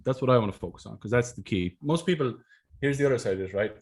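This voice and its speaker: A man's voice: mid-range voice, lively intonation, fast, darkish tone, husky. A man hosting a casual interview as a sales mentor, talking bluntly and swearing freely.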